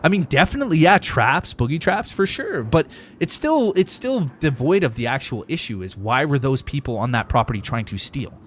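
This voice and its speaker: A young man live-streams a game and rants to his viewers, swearing freely and leaning hard on his points. His voice sits at an ordinary middle pitch, with faint noise behind it. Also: very animated, normal speed, few pauses, a bit bright. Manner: profane, ranting, emphatic. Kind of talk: casual gaming livestream chat.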